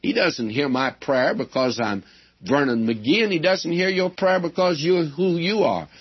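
A man's voice: fairly high pitch, expressive, measured pace, slightly rough. An older man preaching an earnest, folksy sermon to his listeners, calling them friends. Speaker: radio Bible teacher. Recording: dull lo-fi old radio recording.

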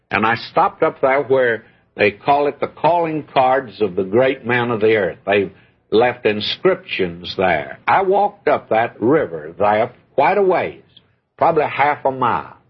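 An older male preacher delivers a sermon in a folksy, earnest manner, leaning in to address his listeners as friend. His voice is husky and sits at an ordinary pitch. The recording is dull and lo-fi. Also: sing-song, a little slow.

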